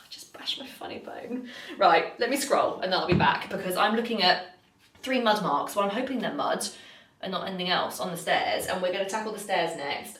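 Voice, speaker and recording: A young British woman chatting casually while she cleans an office, often drifting into tangents, recorded on a camera set down in the room. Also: fairly low pitch. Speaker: cleaning vlogger. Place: office building indoors. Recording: echoey room with faint noise.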